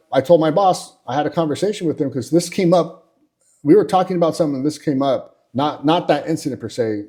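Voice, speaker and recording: A man's voice: mid-range voice, mellow. Blunt, profane man. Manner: blunt, profane storytelling with many fillers. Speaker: podcast host. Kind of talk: casual monologue.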